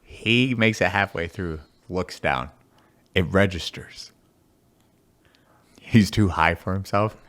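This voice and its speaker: A man who served in the army tells basic training stories in a casual, crude and animated way. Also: sits low, takes it slowly, long pauses. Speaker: army veteran telling stories. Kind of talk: casual podcast storytelling.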